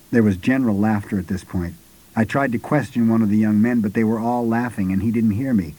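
A man narrating an audiobook in a measured, unhurried reading. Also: on the low side, warm tone, low-quality recording.

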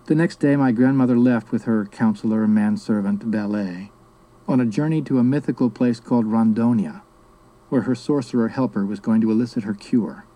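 Man with a very dark voice narrating. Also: medium pitch, normal speed, rough recording. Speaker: audiobook narrator. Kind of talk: scripted narration.

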